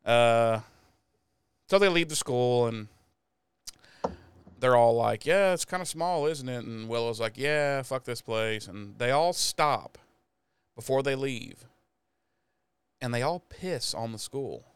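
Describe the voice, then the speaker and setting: A man's voice: mid-range voice, expressive, takes it slowly, long pauses, smooth, dry recording. A man co-hosting a casual episode recap podcast, speaking loosely and profanely, laughing often and acting out characters' lines. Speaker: podcast co-host.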